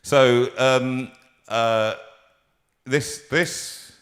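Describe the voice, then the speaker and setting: A man's voice: mid-range voice, steady tone, very slow, fairly bright tone. A man in his sixties hosting a casual live show from his home studio, jokey and rambling, with lots of ums and restarts. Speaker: host.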